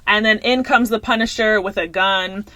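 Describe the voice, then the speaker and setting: A woman's voice: medium pitch, normal speed, bright, forceful tone, dry recording. A young woman in a casual vlog, chatting through a movie plot and calling her viewers y'all. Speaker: movie reviewer.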